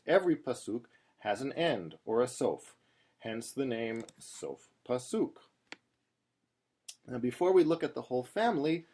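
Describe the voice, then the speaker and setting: A cantor giving a patient screen-share lesson on Torah chanting, explaining each step and singing short chanted examples. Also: male voice, medium pitch, darkish tone.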